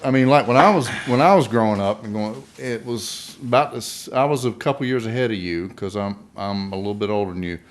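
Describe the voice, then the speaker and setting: A man's voice: lowish voice, fairly quick, few pauses. A man in his fifties with a mild Southern accent, co-hosting a casual podcast chat and telling easygoing stories. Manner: easygoing storyteller. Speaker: podcast co-host.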